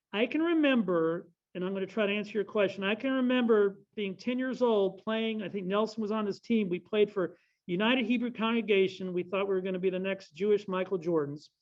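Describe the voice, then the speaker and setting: Man in his middle years, high voice, rambling anecdotes at a talk. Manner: rambling storyteller, self-correcting. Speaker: guest speaker. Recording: dull lo-fi recording.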